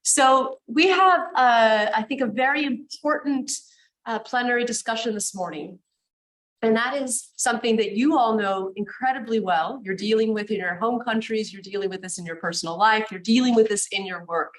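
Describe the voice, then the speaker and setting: A woman's voice: on the high side, moderate pace, a bit bright, poor audio. A woman moderating a conference session, welcoming the audience and introducing a speaker with enthusiasm.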